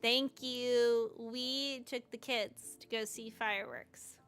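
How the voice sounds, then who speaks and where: A woman in her thirties hosting a live coding stream, chatting casually and telling family stories in an animated way between bits of work. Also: on the high side, slow pace, faint music behind. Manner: animated storyteller, chatty, lively asides. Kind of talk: casual chat while coding.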